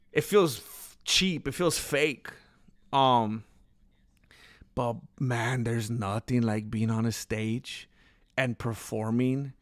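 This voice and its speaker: A man with a smooth, medium-pitched voice hosts a casual livestream, rambling along with frequent fillers and restarts while hiccuping and burping. He's self-deprecating, and the clean studio recording has no room sound.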